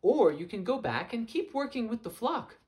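Casting: male reader as a calm, wise seagull mentor, lively inflection, storybook reading. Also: extremely high pitch, normal speed, pitched above the performer's own voice. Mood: gentle. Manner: gentle, patient, lightly playful.

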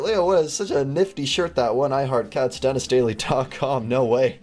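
A young man hosting a game video, giving jokey, animated play-by-play with sudden excited yelps. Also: medium pitch, normal speed, hardly any pauses, faint music behind. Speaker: gaming video host. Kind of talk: casual game commentary.

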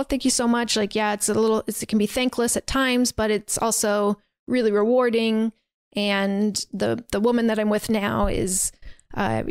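A woman's voice: medium pitch, smooth, dry recording. Chatty woman recapping a movie. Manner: chatty, retells scenes with quoted dialogue and fillers. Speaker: podcast host.

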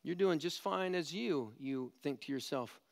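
A man preaching a sermon as pastor, animated and jokey, climbing to loud pleading peaks. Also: fairly high pitch, measured pace, vocal fry.

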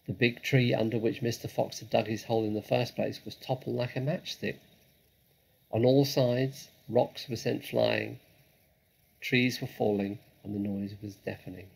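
A man reading a children's story aloud in a dramatic, measured way. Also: medium pitch, fairly even intonation, creaky, a little mellow, breathy edge, rough recording.

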